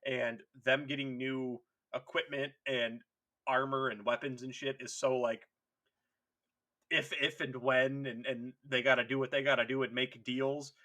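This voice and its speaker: A man co-hosting a casual comedy podcast, animated and swearing, laughing often as he acts out bits. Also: medium pitch, unhurried. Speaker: podcast co-host.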